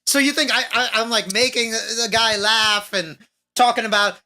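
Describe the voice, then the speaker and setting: A man's voice: high voice, moderate pace, pushed and bright. A man co-hosting a podcast, laughing often and pushing back with reasoned points. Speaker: podcast co-host. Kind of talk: casual podcast banter.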